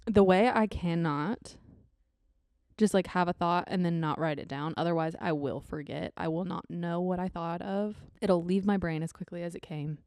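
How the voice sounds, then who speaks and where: A young woman chats through her solo podcast, bubbly and rambling and quick to lose her thread. Her voice sits low and mellow and is recorded close and dry, with no room sound at all. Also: fairly even intonation, clean tone, no echo. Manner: bubbly, rambling, easily sidetracked. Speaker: podcast host. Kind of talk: casual solo podcast chat.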